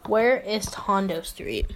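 A woman's voice: mid-range voice, big pitch swings, slow, a little hiss or hum, low-quality recording. A teenage girl hosting a pretend talk show, rambling and giggly, with lots of fillers. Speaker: host. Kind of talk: casual chat with mock interview.

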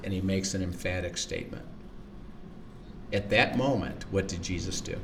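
Low-voiced man teaching scripture earnestly. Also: moderate pace, long pauses, a bit bright, distant mic, a little hiss or hum. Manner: earnest, acts out quoted dialogue, repeats words. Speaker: Bible teacher. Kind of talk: conversational Bible teaching.

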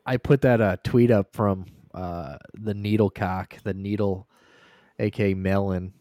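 A man's voice: on the low side, fairly even intonation, measured pace, mellow, no room sound, clean studio sound. A man co-hosting a podcast, trading crude, profane jokes and laughing often. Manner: crude, laughing banter with lots of swearing. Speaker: podcast co-host. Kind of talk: casual profane chat.

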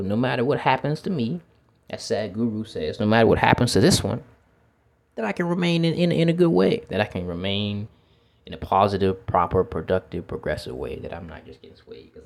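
A man who works as a teacher, talking through his thoughts in a casual, reflective monologue outdoors, repeating words and swearing now and then. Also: fairly low pitch. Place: outdoors with feet in water.

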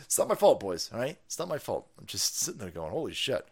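A middle-aged man ranting through profane live-stream commentary. He laughs often and swings between loud outbursts and low mutters. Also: huge pitch swings, quick pace, creaky, husky.

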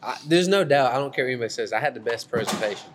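A man's voice: mid-range voice, animated, rapid-fire, slight background noise. A man hosting a podcast, steering an easygoing chat. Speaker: podcast host. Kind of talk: casual chat.

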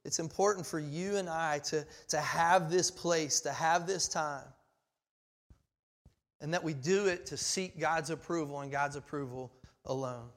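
A man in his forties preaching a sermon, passionate and full of restarts, swinging between loud emphasis and quiet asides. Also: fairly high pitch, measured pace. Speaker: pastor.

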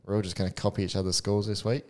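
A man with a very low voice hosts a relaxed football podcast among friends. He reels off score predictions one after another and swears bluntly when teasing his mates. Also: racing. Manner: runs through predictions in a steady list, blunt and swearing. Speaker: podcast host. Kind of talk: casual football chat with friends.

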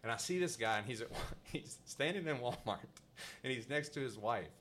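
A male podcast host spins an anecdote in a loose, chatty way. He laughs often and acts out the people in the story, and his pitch leaps around with lively energy. A faint hiss of noise sits under the recording. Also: moderate pace. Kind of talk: casual storytelling chat.

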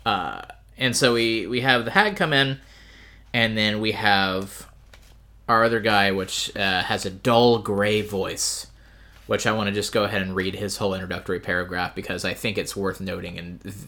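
Low-voiced guy, bright tone, laid-back book chat, lots of uh and um. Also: normal speed. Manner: relaxed, thinks aloud with "uh" and "um", drifting pace. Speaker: book podcast co-host. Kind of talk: casual chat.

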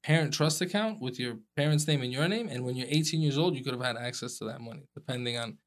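A man's voice: mid-range voice, fast talker. A man who is a personal injury attorney, explaining legal points with examples in casual podcast chat.

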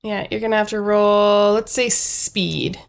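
A woman's voice: mid-range voice, fairly even intonation, unhurried, creaky. Casual woman game master. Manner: casual, hesitant with many ums, blunt and crude. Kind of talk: narrating a comedy tabletop game.

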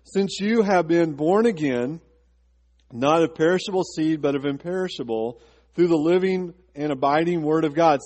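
A man's voice: a little high, moderate pace, darkish tone, big-room sound. A man pastor preaching a sermon to his congregation, asking rhetorical questions and slipping into a chatty personal story. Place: church sanctuary.

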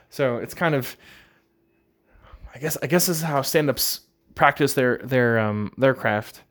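A man's voice: medium pitch, unhurried, a bit bright. A man hosting his own podcast, rambling casually with many fillers and making jokes at his own expense. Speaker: podcast host. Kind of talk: casual solo podcast chat.

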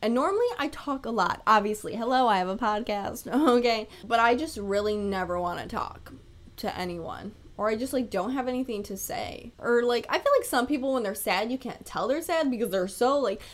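A woman's voice: on the high side, expressive, normal speed. A young woman hosting her own podcast, chatting casually on her own, laughing often and swearing freely. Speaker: podcast host. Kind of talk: casual solo podcast chat.

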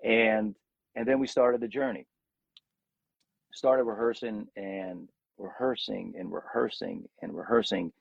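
Man, middle-aged, gravelly, husky, lively storyteller, casual interview guest. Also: fairly low pitch, a little slow, no echo, lo-fi sound. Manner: animated storyteller, acts out quotes. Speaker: rock singer, guest.

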